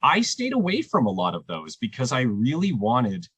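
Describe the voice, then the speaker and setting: A man, casually chatting on a podcast as a festival programmer and telling lively stories. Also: normal speed, husky, dry recording. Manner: animated storyteller, jumps pitch when quoting others.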